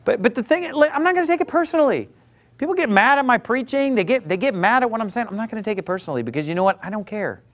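A man's voice: very high voice, expressive, rapid-fire, a bit bright. A male pastor delivering an emphatic sermon, preaching hard and mocking his critics in mock voices. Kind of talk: fiery sermon.

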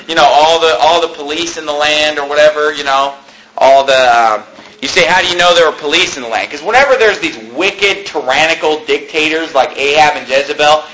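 A man's voice: on the high side, pushed and bright, slight background noise, low-quality recording. A man preaching a sermon, reading scripture aloud and retelling it casually with lots of fillers.

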